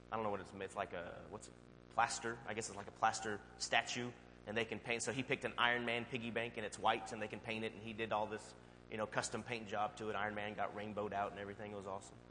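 Man, pastor, sermon, conversational storyteller, bright tense tone, long reverb, faint background hum. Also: medium pitch. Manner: conversational storytelling, animated asides.

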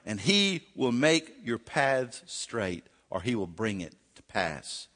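A male pastor preaching a sermon, swinging dramatically from shouting to near whisper. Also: mid-range voice, very animated, slow pace, big-room sound.

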